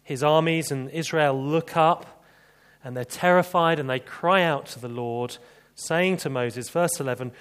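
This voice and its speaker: Preacher, conversational, somewhat high voice. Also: male voice, unhurried, a bit bright, clean tone. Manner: conversational, with rhetorical questions and humor. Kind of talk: expository sermon.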